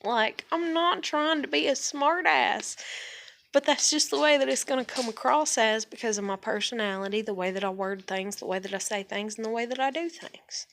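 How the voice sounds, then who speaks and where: A woman's voice: a little high, normal speed, fairly bright tone. A woman venting bluntly to camera in a casual vlog rant, with frequent swearing and emphatic repetition. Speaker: vlogger.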